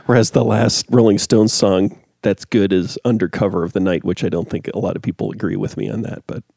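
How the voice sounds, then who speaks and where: A man's voice: on the low side, steady tone, a little fast, creaky, mellow, no room sound, studio quality. A man in casual chat who rants with heat and then apologises for getting carried away. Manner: heated, ranting and self-deprecating.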